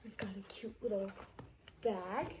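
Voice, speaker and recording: A woman's voice: medium pitch, fairly even intonation, measured pace, background noise. A woman unboxing a package in casual chat, gasping and gushing with delight at each item. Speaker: brand ambassador unboxing a package.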